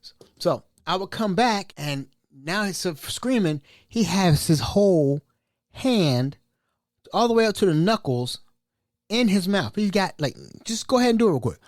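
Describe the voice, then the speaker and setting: Brief: male chef spinning workplace tales, animated, colloquial, lively pitch. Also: moderate pace, dry recording, studio quality. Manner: animated, colloquial, laughing asides. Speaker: chef, storyteller. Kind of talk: casual anecdotal storytelling.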